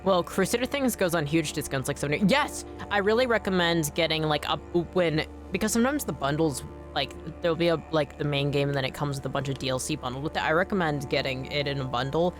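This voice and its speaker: A woman streamer chatting casually while playing a game, rambling with many fillers, swearing freely and breaking into sudden excited outbursts. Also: low voice, quick pace, hardly any pauses, over music. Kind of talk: casual live gameplay chat.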